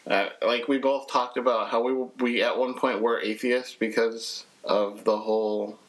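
A man's voice: mid-range voice, little pitch movement, unhurried, rough recording. Rambling young male podcast host. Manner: rambling, many restarts, candid. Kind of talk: casual podcast chat.

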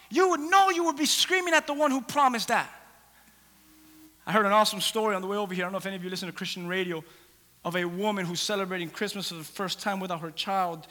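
A male preacher retelling a scripture story dramatically, acting out the voices and swinging from hushed lines to shouting. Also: very high-pitched. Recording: long hall reverb.

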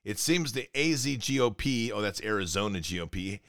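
An indignant man hosts a political commentary show, reading out news and breaking into sarcastic rants. His voice is bright and forceful, recorded dry and close with no room sound. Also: on the low side, lively intonation, a little fast, no echo. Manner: indignant, sarcastic, reads news items aloud.

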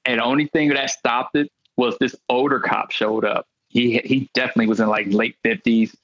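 A male comedian guest telling comic stories in an animated way, acting out the voices of the people in them. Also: mid-range voice, normal speed, highs cut off. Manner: animated, acts out quoted voices. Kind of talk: comic storytelling.

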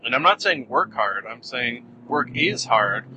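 A man hosting his own podcast, rambling goofily and mocking himself, with sudden loud bursts. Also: mid-range voice, lively intonation, unhurried, muffled recording, background noise. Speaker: podcast host. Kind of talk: casual solo podcast monologue.

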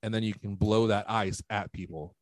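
A man's voice: on the low side, steady tone, normal speed, no echo. A man co-hosting a podcast in casual chat, joking and emphatic as he tells stories. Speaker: podcast co-host.

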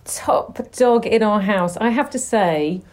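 A middle-aged woman chatting as a podcast guest, an animated storyteller. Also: mid-range voice, slow pace. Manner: chatty, animated storyteller, acts out her dogs' voices. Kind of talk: casual chat.

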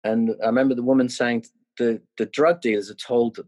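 Husky-voiced man telling a story. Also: mid-range voice, fairly even intonation, a little fast, a little mellow. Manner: rambling, many restarts and "you know"s. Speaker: guest. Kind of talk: anecdotal storytelling.

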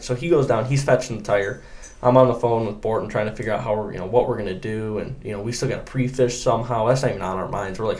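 Talking a little fast at a medium pitch, a young Michigan man appears as a guest angler in a relaxed podcast conversation. He tells his story with animation, voicing the quotes of the people involved.

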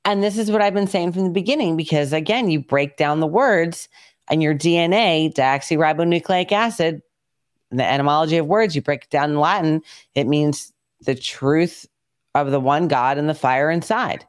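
A woman hosting a podcast, chatting casually and rambling in quick bursts. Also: deep voice, no echo, studio quality. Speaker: podcast host. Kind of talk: casual chat.

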